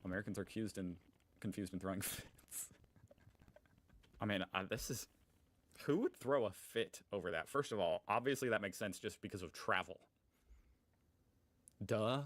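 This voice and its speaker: A young man with a fairly low voice reads posts aloud and comments on them. His delivery is sarcastic and amused, in a loose, chatty way. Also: expressive, normal speed, a bit bright, no echo, low-quality recording. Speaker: host.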